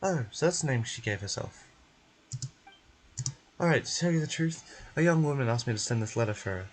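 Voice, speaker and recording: A man's voice: mid-range voice, expressive, a little fast, close to an everyday voice. A man voicing a flustered, forgetful adult man who is running late in a fan game voice-over, with fussy, old-fashioned exclamations.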